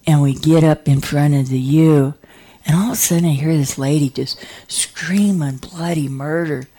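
A woman telling a comic personal story, animated, dropping into hushed whispered asides. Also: sits low, normal speed, breathy edge.

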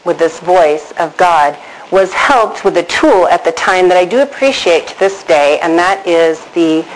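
Animated woman telling a personal story. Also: lowish voice, unhurried, a little hiss or hum, poor audio. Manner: animated, engages the audience with questions. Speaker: speaker addressing an audience.

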